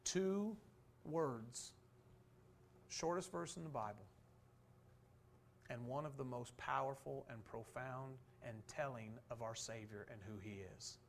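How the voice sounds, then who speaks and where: A man preaching a sermon, posing rhetorical questions and answering them, swinging from fervent emphasis to soft, low reflection. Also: slow pace, creaky, pauses often, a little hiss or hum. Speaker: pastor.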